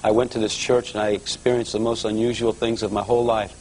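A man preaching to a church audience, telling his conversion story in a lively storytelling manner and acting out the voices of others. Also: lowish voice, fast talker, slight background noise, poor audio. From Los Angeles area. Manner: animated storyteller, voices quotes, rising excitement. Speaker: guest preacher giving testimony. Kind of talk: sermon testimony storytelling.

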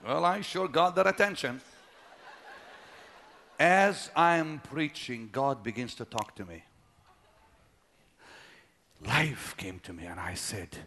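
Man preaching, middle-aged, slow deliberate delivery, bright voice, lively pitch swings. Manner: dramatic, swings from hushed to shouting. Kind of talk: sermon storytelling.

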